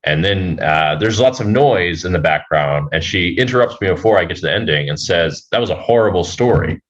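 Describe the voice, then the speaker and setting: Male podcast guest, very low voice, rambling and profane storyteller. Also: lively intonation, dull audio. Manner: rambling, halting, swears freely. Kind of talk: casual storytelling.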